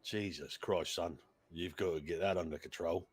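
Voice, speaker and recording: Man doing a gruff dwarf smith. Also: sits low, normal speed, dry recording, pitched below the performer's own voice. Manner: blunt, scolding, fatherly. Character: gruff, broad, short male dwarf smith. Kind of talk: tabletop role-play.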